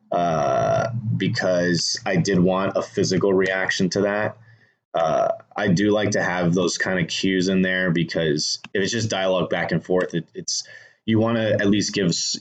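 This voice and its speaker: Deep-voiced guy walking thru his script revisions, kinda rambly, lots of uhs and restarts. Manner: thinks aloud, restarts and fillers. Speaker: screenwriter teaching revision. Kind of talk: casual instructional talk.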